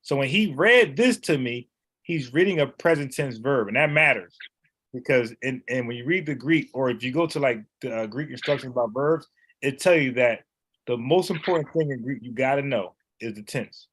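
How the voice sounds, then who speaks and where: A man's voice: mid-range voice, normal speed, a bit bright, breathy edge. A man teaching in a casual, conversational way, repeating words and explaining letters one by one. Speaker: Bible teacher.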